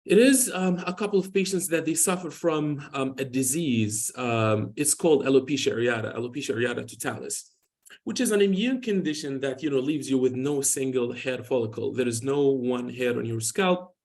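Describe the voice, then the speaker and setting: A man's voice: mid-range voice, a little fast, a little mellow. A man in his forties, a dermatologist, giving a conversational medical lecture in a loose, rambling way full of "you know" and restarts, telling patient stories. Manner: tells patient stories informally.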